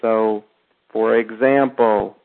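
A man's voice: fairly low pitch, fairly even intonation, slow pace, gravelly. A man teaching a beginner language lesson, patiently stressing each verb form as he goes. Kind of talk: slow step-by-step language lesson. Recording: tinny phone-like audio.

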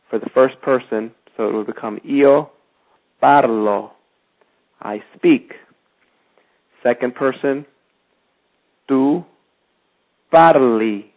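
A male teacher walks beginners through verb endings at a very unhurried pace, stressing each form with patient care. His voice sits at a middling pitch. The recording is thin and tinny, like a phone line. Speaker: language teacher. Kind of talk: slow step-by-step language lesson.

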